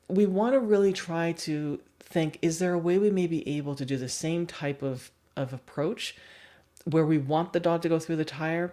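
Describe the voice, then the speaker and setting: Low-voiced woman teaching dog training. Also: dark tone. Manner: explanatory, asks the audience questions, laughs often. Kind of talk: livestream dog training lesson.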